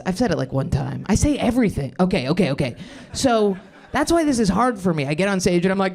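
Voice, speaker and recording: On a comedy club stage, a thirty-something woman works the crowd in a rambling set, breaking off mid-thought and cracking up at her own jokes. She speaks at a medium pitch.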